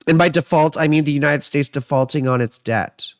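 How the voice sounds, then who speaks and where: A man's voice: a little high, a little fast, dry recording, clean studio sound. A man giving a casual, rambling horoscope reading from his living room, chatting and drifting between topics. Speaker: astrologer and tarot reader.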